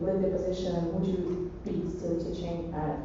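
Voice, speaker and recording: A young woman with a Russian accent asks a question hesitantly, with a shy, giggly manner. Her voice is mellow and dull on a lo-fi recording. It sounds distant and roomy in a large hall. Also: on the low side, level tone, normal speed. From Kazakhstan. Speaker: student asking a question. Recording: echoey hall from far off, dull and lo-fi.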